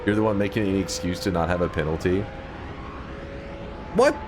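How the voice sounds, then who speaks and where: A man live-streaming a game, chatting casually with his viewers, swearing freely and flaring up in high-pitched indignant outbursts. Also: very animated, a little fast, noisy background. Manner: argues and banters with chat.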